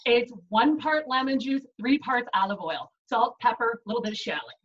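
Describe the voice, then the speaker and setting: A woman with a Chicago accent, her voice on the high side with lively intonation, walks through a cooking demo in her home kitchen at a moderate pace. She's a chef instructor who chats and explains as she cooks, tossing in lots of "right?" and "um." The mic is distant and the audio sounds dull.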